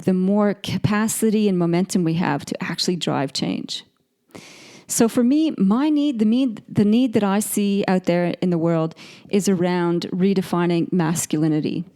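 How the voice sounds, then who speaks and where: Australian woman podcast host, middle-aged, mellow tone, earnest storyteller. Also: on the low side. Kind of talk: motivational podcast monologue.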